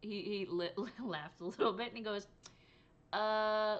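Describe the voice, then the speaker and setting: A woman's voice: mid-range voice, a little slow, highs cut off. A tired woman talking casually to camera about her day for her crochet channel, rambling and laughing often. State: exhausted. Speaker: crochet vlogger. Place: home room.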